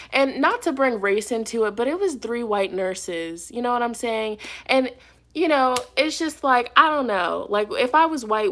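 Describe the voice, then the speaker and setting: Speaking to camera on her tarot channel, this woman, its host and a tarot reader, recounts a personal story in a casual, emphatic way, cursing freely. Her voice is a little high and slightly bright.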